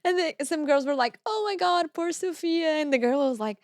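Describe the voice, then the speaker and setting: A woman's voice: high-pitched, normal speed, few pauses, no room sound, clean studio sound. A woman from Portugal speaking English with a Portuguese accent as a podcast co-host, chatting casually and telling stories with acted-out quotes. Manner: lively storyteller, acts out quoted voices. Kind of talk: casual chat.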